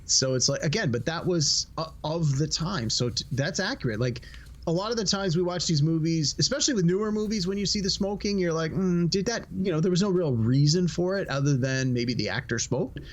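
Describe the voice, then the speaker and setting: A man's voice: on the high side, animated, brisk. A man co-hosting a movie review podcast, talking in a reflective, casual way and often repeating words as he thinks. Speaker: podcast co-host.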